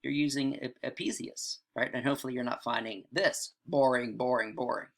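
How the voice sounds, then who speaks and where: A man's voice: medium pitch, fairly even intonation, brisk, gravelly, fairly bright tone. Male teacher, informal lecture delivery, conversational with frequent check-ins. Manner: chatty, frequent "right?" and "all right" asides. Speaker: writing teacher. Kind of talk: casual lecture on rhetoric.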